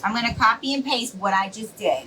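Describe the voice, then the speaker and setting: A chatty woman talks casually to viewers on a live stream, rambling and reassuring. Her voice sits a bit high and comes from slightly away from the mic, with a faint hum of room noise behind her. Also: fairly quick, pushed and bright, recorded from a distance, poor audio. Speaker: craft seller hosting a live stream.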